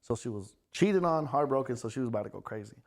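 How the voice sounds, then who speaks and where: Fast-talking profane American man. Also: mid-range voice, vocal fry. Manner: fast, profane, animated storyteller. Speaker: podcast guest, club promoter. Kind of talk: casual storytelling chat.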